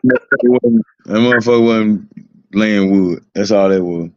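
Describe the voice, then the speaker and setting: A man's voice: on the low side, normal speed, darkish tone, clean tone, no echo, dull audio. A man from Louisiana co-hosting a podcast, joking crudely and laughing in casual chat. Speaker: podcast co-host.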